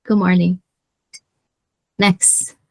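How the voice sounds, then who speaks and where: A woman's voice: on the low side, little pitch movement, very slow, creaky. A woman from Hawaii introducing herself briefly on a panel.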